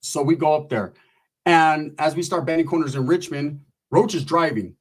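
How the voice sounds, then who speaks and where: Husky man telling a profane story. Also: on the high side, normal speed. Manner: profane, animated, acts out quoted voices. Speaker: comedian storyteller. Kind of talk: stand-up storytelling.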